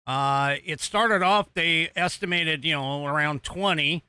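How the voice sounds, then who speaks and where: A man's voice: a little high, measured pace, sharp tone, smooth, no room sound. An American man hosting a political podcast, rambling casually with many fillers and restarts while he talks over video footage he is playing. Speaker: podcast host.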